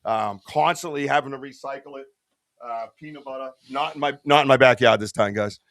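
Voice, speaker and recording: A man's voice: mid-range voice, fairly quick, fairly bright tone, no echo, clean studio sound. A middle-aged man in a casual podcast chat, rambling and earnest, tossing in bro and dude. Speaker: podcast guest, Bigfoot researcher.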